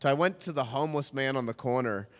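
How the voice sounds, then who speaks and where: A young man telling a comic true-life story on stage, animated and self-mocking, often laughing and trailing off in fillers. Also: mid-range voice, quick pace. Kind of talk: live comedic storytelling. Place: stage in a hall before an audience. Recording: reverberant stage hall.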